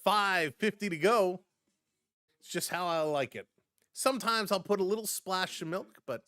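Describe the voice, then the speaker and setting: Running a live hockey stream, this man is chatty and laughs often, hopping from casual play-by-play to talking with viewers. He has a high, sharp-toned voice and moves at a normal speed. The recording is dry.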